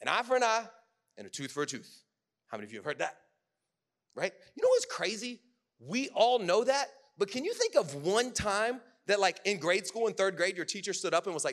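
Man, preacher, high voice, casual sermon, animated, filler words. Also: fairly quick. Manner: animated, swinging from loud bursts to hushed lines.

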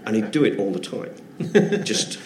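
A middle-aged man, a comedian guest, telling anecdotes in casual, animated chat and swearing freely. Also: on the low side, a little slow, echoey room, a little hiss or hum. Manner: animated, swearing storyteller with restarts.

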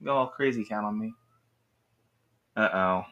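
A woman's voice: rumbling low, measured pace, a bit bright, lo-fi sound. A woman rambling casually to camera as a vlogger, chatty and jokey, full of asides and self-corrections. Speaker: vlogger reviewing movies and TV.

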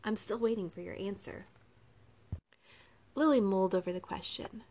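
A woman narrates a storybook in a calm, even reading voice. Her pitch is neither high nor low, and she keeps a steady audiobook delivery throughout. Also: gravelly.

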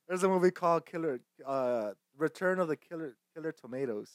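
A man's voice: a little high, lively intonation, a little fast, few pauses, no room sound, studio quality. A young man hosting a casual movie chat, swearing often, rambling, and laughing between lines. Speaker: host.

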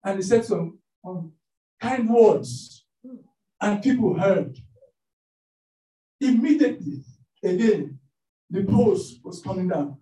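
A man preaching a sermon in a church hall, telling stories in an animated way with many fillers. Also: high voice, slow pace, pauses often. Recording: echoey room, mic at a distance.

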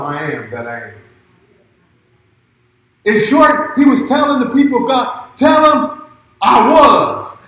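A man preaching a sermon as pastor, shouting in rising bursts and dropping low and quiet in between. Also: very echoey, poor audio.

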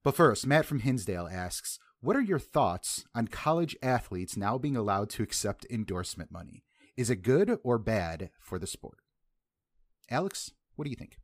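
A man's voice: medium pitch, very animated, normal speed, no echo. A man hosting a casual sports podcast, upbeat, often repeating words as he starts sentences. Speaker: podcast host.

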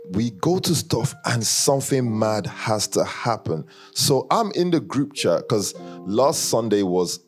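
Male church leader with an African accent, mid-pitched and gravelly, animated and teasing with the room, faint music underneath. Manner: animated, teasing, often laughing, chats with the audience. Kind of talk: casual joking talk to a congregation.

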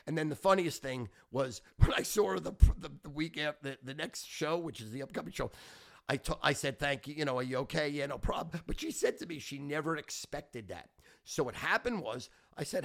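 Brash, excitable middle-aged man. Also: a little high, brisk, vocal fry. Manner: brash, profane, boastful and excitable. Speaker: podcast host. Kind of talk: casual storytelling monologue.

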